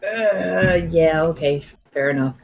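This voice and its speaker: A woman's voice: low-pitched, takes it slowly, gravelly, a crowd in the background, rough recording. A woman co-hosting a casual livestream chat, laid-back and dry, offering easygoing reassurance.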